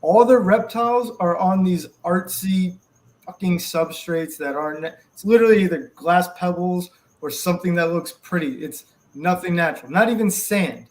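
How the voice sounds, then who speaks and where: A man in a casual podcast chat who talks in detail, dropping Latin species names along the way. His voice sits slightly high for a man. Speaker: podcast co-host.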